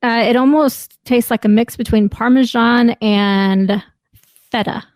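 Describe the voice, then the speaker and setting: A woman's voice: fairly high pitch, steady tone, measured pace, a little mellow, no room sound. A woman from the United States co-hosting a podcast in casual chat, chatty and emphatic. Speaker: podcast co-host.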